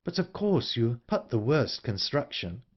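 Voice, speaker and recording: A man voicing a calm, composed older woman in an audiobook, speaking in a measured way. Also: mid-range voice, husky, muffled recording. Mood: calm, wistful. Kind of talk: audiobook character reading.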